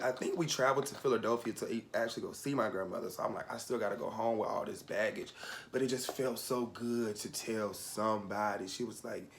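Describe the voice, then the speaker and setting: A man's voice: medium pitch, fairly bright tone, a little hiss or hum. A young man telling a personal story in casual chat, candid and rambling, fighting back tears at moments.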